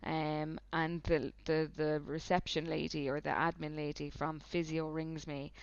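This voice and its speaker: Gravelly Irish woman telling a story. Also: sits low, level tone, a little slow, dry recording. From Ireland. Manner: chatty, fillers of "like", retells by quoting herself. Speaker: podcast guest. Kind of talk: casual storytelling. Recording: dull, dry lo-fi sound.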